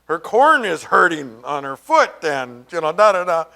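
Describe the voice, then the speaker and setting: A man preaching a sermon as pastor, conversational and rambling, full of fillers and asides, and raising his pitch to act out quoted voices. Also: very animated, moderate pace, vocal fry, bright, forceful tone.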